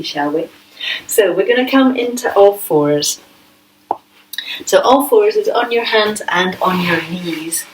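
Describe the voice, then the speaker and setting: Gentle, playful woman yoga teacher. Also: medium pitch, a little hiss or hum. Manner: gentle, playful, coaxing questions to children. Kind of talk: guided kids' yoga class. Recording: echoey room, voice from a distance.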